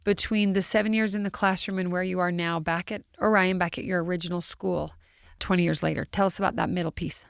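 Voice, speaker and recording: A woman's voice: lowish voice, fairly even intonation, fast, vocal fry, no echo, studio quality. A woman hosting a podcast interview, encouraging and leading with follow-up questions. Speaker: podcast host. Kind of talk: casual interview talk.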